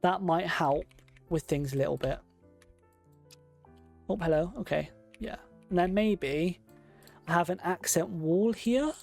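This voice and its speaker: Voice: medium pitch, a little slow, vocal fry, pauses often, a little mellow, soft background music. A game streamer, chatting casually and thinking aloud while decorating a room in a game. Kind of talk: casual gameplay commentary.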